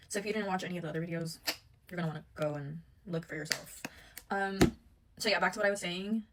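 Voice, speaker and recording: A young woman telling a personal story in a casual vlog, rambling and swearing, with many fillers, acting out both sides of an argument. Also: mid-range voice. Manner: rambling, profane, animated retelling with many fillers; acts out both sides of the argument in quoted voices.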